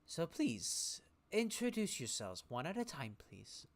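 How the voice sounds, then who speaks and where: A man voicing a gentle elderly woman who leads a council, speaking softly and slowly. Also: fairly high pitch, wildly swooping pitch, voice pushed up, heavily acted. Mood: kindly. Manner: soft, slow and kindly.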